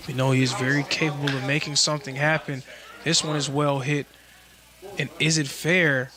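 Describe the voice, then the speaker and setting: A man doing live play-by-play commentary for a college baseball game, with a measured, informative delivery. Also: a little high, flat delivery, crowd noise. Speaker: play-by-play announcer.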